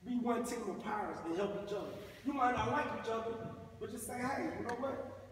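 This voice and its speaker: In a school gym or hall, a middle-aged man from Mississippi, US, works as a motivational speaker, preaching against bullying to schoolboys in colloquial style and prompting call-and-response. He speaks fairly quickly in a high voice. The echoey hall is captured from a distance, with slight hiss or hum.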